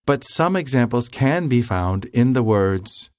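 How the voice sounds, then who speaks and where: Man, language lesson narration, measured explanations, lively pitch, dry close sound. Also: no room sound. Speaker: language instructor. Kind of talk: scripted instructional narration.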